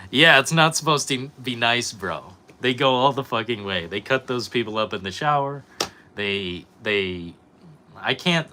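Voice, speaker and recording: Bright-voiced young man streamer, profane chat. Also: medium pitch. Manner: profane, rambling, reacting to chat. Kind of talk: casual live-stream chat.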